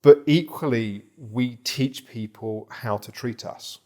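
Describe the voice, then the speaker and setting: Man, therapist, calm, reflective, explanatory. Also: mid-range voice, takes it slowly. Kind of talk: therapy session guidance.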